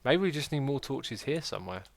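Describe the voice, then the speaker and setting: Animated man chatting while gaming. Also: mid-range voice, fairly quick, soft background music. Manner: chatty, reads viewer comments aloud, self-deprecating jokes. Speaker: livestreaming gamer host. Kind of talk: casual gameplay commentary.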